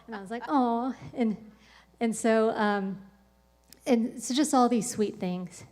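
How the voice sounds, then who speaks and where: This woman's voice sits fairly high and sounds a bit mellow, and she speaks slowly. Her personal story on a podcast wanders loosely, studded with "like" and "um."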